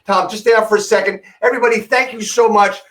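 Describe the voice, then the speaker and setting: A man's voice: high voice, steady tone, fast, a bit bright. A man hosting a podcast over a video call, upbeat and chatty as he wraps up. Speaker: podcast host. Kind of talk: casual chat.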